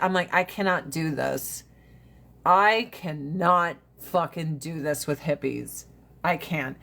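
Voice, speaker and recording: A woman hosting a casual livestream chat, blunt and profane, rambling from one rant to the next. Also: medium pitch. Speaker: livestream host.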